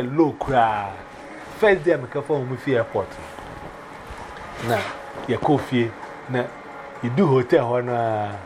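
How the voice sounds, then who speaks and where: A man from Ghana with a Ghanaian accent, chatting casually and telling animated, laughing stories that mix Twi and pidgin. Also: mid-range voice, a little hiss or hum. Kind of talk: casual chat.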